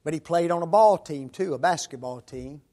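A man preaching a sermon who asks rhetorical tag questions and swings between loud declarations and hushed asides. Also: fairly high pitch, moderate pace.

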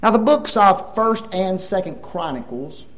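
Older guy preaching, high voice that swoops up and down a lot, acts out little scenes, keeps asking the crowd stuff. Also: a little slow, reverberant, rough recording. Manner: animated storytelling, acts out dialogue, asks the audience questions. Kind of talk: sermon.

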